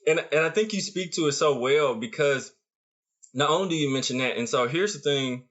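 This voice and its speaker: A man's voice: fairly high pitch, sing-song, moderate pace, a bit bright, muffled recording. A man hosting a podcast, explaining a concept in casual talk and repeating phrases for emphasis. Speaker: podcast host.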